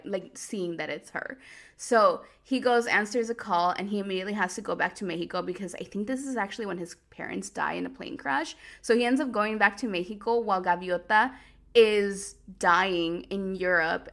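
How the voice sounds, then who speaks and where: A woman's voice: medium pitch, fairly bright tone. A woman hosting a podcast, chattily recapping a telenovela plot with lots of "like" and amused asides. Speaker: podcast host.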